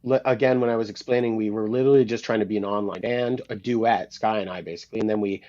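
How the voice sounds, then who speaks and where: A man's voice: fairly low pitch, quick pace. A man being interviewed as a guitarist and producer, telling stories in a casual way and acting out what people said, with some swearing. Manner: animated, acts out quoted dialogue, swears casually. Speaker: guest musician, guitarist and producer. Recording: dull lo-fi sound.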